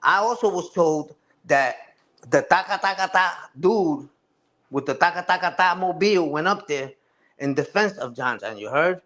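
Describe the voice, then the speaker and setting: A man's voice: on the high side, expressive, normal speed, a bit bright. A man ranting casually and profanely on a live stream, repeating himself and asking "you heard?" again and again.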